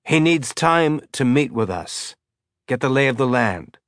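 A man's voice: mid-range voice, lively intonation, unhurried, fairly bright tone, no echo, studio quality. A man voicing an earnest, stocky peacemaker. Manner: earnest, urgent, pleading. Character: big stocky man pleading for calm.

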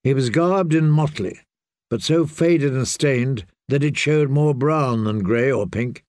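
A man narrating a fantasy audiobook in a measured, dramatic way. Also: medium pitch, a little mellow, no room sound, studio quality. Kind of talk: scripted narration.

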